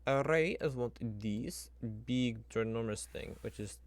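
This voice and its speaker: A man's voice: mid-range voice, takes it slowly, noisy background. A man streaming as he builds a spreadsheet, thinking aloud in a casual, rambling way, talking to his computer and making up little sound effects. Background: keyboard typing and clicking.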